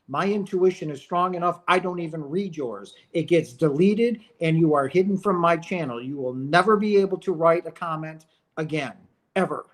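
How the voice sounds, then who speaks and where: A man with a fairly high voice delivers a heartfelt rant straight to his audience. He sounds emotional and keeps circling back on his own phrases, pressing each point hard. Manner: impassioned, ranting, repeats phrases. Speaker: channel host. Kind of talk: emotional monologue to camera.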